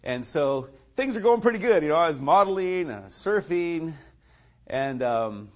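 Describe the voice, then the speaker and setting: A man recounts his personal faith testimony in a relaxed, conversational way. He laughs often, fills his speech with casual fillers and acts out other people's lines in lively voices. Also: on the high side, a little slow. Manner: chuckles often, loose and conversational with many fillers.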